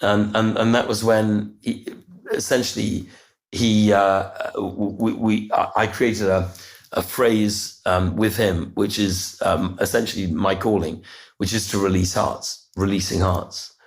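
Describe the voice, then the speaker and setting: A middle-aged man, telling a personal story as a podcast guest, earnest and halting, often restarting and repeating words. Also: on the low side, fairly even intonation. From United Kingdom. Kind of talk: reflective storytelling interview.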